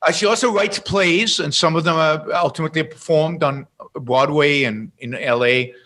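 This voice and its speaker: A middle-aged man, a podcast guest, telling a story in an emphatic, animated way. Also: on the high side, normal speed.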